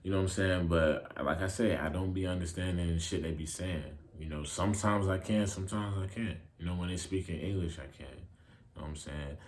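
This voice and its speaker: A man's voice: low-pitched, fairly quick. A man reacting to a video in a laid-back, slangy way, cursing freely as he comments. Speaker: reaction vlogger.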